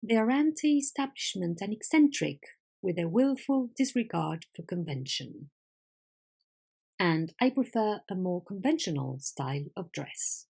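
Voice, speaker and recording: A woman teaching an English vocabulary lesson, patient and clear, asking questions and confirming answers. Her first language is Spanish. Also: mid-range voice, big pitch swings, a little slow, darkish tone.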